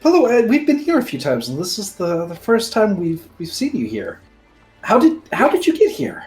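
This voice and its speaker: A woman's voice: mid-range voice, huge pitch swings, normal speed, a little mellow, soft background music. Curious woman player questioning in character. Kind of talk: in-character role-play.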